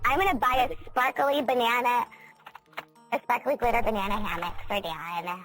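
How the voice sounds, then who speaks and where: Brash, mocking woman with a high voice. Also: moderate pace, over music. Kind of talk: crude teasing phone banter.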